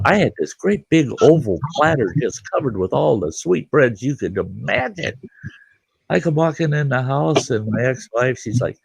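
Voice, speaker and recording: A middle-aged man hosting a livestream, telling a rambling folksy story and jumping into loud voices for the people in it. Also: medium pitch, creaky, husky, no room sound. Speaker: livestream host. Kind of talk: casual storytelling chat.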